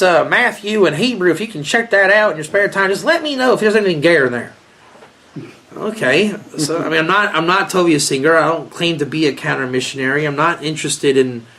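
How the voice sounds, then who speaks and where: A man, a rabbi, giving a rambling, joking informal lecture to a small group and asking them questions. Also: a little high. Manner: rambling, joking, animated, asks the audience questions.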